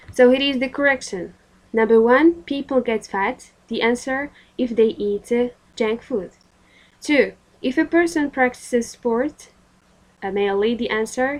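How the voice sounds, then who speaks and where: A woman's voice: on the high side, low-quality recording. A woman with a Moroccan accent teaching a recorded English grammar lesson, explaining patiently with frequent fillers.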